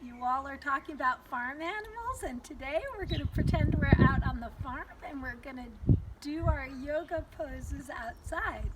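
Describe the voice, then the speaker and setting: A woman leading a yoga lesson for young children outdoors, gentle and coaxing with playful animal sounds. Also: high voice, normal speed, heavy background noise. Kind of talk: sing-song kids' yoga lesson. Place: outdoors in a yard with birdsong. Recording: outdoor recording with loud birds. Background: loud birdsong.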